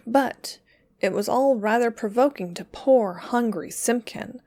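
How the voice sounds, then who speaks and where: Reader: woman, slightly high voice, gentle lilting storybook read-aloud. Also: unhurried. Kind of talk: reading a children's story aloud.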